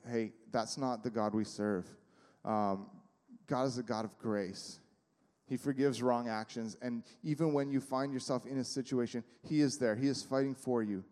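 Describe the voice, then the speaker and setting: A male pastor delivering a sermon in a church sanctuary, mid-pitched and conversational, often pausing on fillers. His voice trails off into a long reverb from the hall around him. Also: fairly even intonation, darkish tone. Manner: conversational, with many fillers and acted-out quotes.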